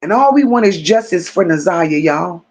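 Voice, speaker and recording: A woman with a fairly low pitch, lively intonation and a darkish tone hosts a live stream. She reads comments from viewers out loud and answers them, speaking slowly, repeating phrases for emphasis, and talking to her audience as close friends.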